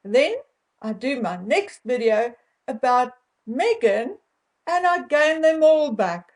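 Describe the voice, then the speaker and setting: South African woman vlogger, fairly high voice, slow deliberate delivery, dry indignation. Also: expressive. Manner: measured, indignant and wry, addresses viewers directly. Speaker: royal-commentary vlogger. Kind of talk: monologue to viewers.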